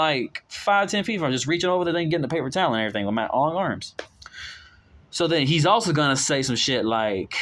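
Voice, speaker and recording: Rambling young man. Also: fairly bright tone. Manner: rambling, frequent fillers and restarts, exasperated asides; voices his own quoted retorts in a sharply raised pitch. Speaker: vlogger telling a work story. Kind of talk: casual storytelling to viewers.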